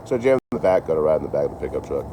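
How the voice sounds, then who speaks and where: A man's voice: a bass voice, sing-song, rapid-fire, background noise. A young man telling rambling, profane travel stories in a casual live chat. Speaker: train-hopping traveler vlogger.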